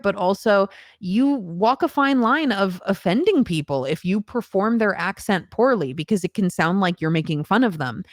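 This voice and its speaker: A woman's voice: on the low side, no echo, clean studio sound. A woman voice actor as a podcast guest, talking in a reflective, earnest way with frequent ums. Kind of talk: casual podcast conversation.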